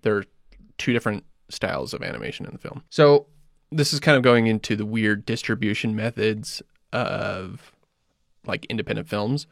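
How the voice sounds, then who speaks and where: Gravelly low-voiced podcast host. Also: male voice, moderate pace, dry recording, clean studio sound. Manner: explains facts in a steady run, with small restarts. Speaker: podcast host presenting film history. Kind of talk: casual podcast chat.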